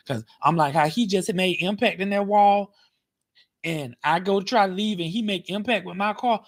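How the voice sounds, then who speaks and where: A man telling a story in a casual vlog, animated and dramatic, acting out the scene. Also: high-pitched, moderate pace. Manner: animated, dramatic, acts out scenes with cries and shouts. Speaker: vlogger. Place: parked car.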